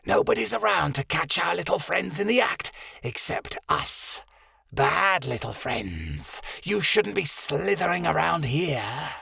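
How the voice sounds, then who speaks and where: A man voicing a giant male cobra who hisses his words slowly and slyly in a fantasy audiobook. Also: on the high side, very animated, vocal fry, sharp tone, breathy edge, no room sound, clean studio sound, voice pushed up, full character voice. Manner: hissing, slow and sly.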